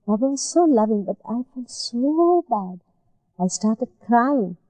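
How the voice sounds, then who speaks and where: A woman from India, interviewed for an oral history, telling her memories in a gentle, measured way that repeats phrases. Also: fairly high pitch, animated, no room sound, poor audio.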